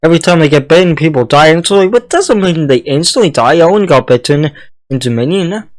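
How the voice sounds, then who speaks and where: A man's voice: on the high side, lively intonation, brisk. A young man co-hosting, chatting casually and rambling through his opinions. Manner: rambling, offhand. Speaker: co-host. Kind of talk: casual chat.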